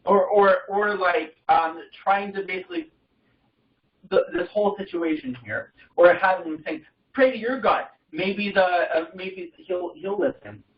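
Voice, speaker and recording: Young male Bible study leader, lively pitch, rambling delivery, roomy room, distant dull mic. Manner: rambling, halting, many fillers and restarts. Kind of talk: informal Bible study reading and commentary.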